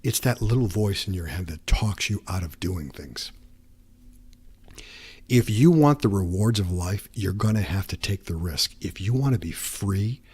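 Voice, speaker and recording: A man with a fairly low, husky voice gives an earnest motivational talk as a podcast host. He coaches his listeners directly and speaks their inner doubts aloud. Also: animated, unhurried, a little mellow.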